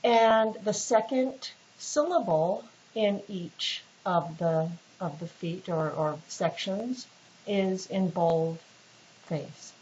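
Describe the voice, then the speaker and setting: A woman's voice: mid-range voice, slow pace, a little mellow. A woman instructor giving a casual, patient recorded lecture with many fillers and restarts. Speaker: literature instructor. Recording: dull lo-fi recording with faint hiss.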